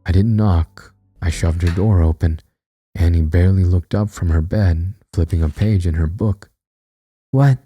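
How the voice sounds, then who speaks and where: A man's voice: sits low, fairly even intonation, moderate pace, dark tone, breathy edge, faint music behind. A man narrating a scripted horror story in a tense, dramatic way.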